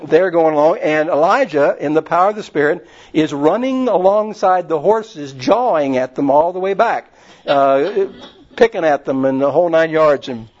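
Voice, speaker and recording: A man's voice: a little high, a little mellow. A man preaching a casual, rambling sermon, retelling stories with many fillers. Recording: muffled lo-fi recording.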